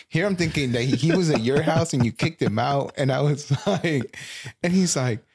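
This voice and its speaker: A man in his thirties co-hosting a casual podcast chat, telling profane stories with animated retellings. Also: on the high side, moderate pace, husky, no echo, clean studio sound. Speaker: podcast co-host.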